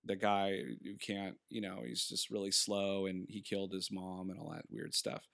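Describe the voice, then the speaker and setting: Casually chatting through a movie review, a podcast co-host in his thirties rambles, laughs often and acts out pieces of dialogue. His deep voice has vocal fry and a fairly bright, clear, resonant tone, delivered flatly at a moderate pace.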